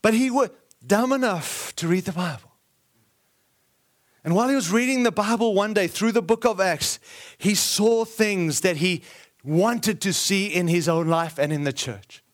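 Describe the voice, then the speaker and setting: A man's voice: high-pitched, unhurried. A man preaching a sermon, telling a family story with acted quotes, frequent asides and self-corrections.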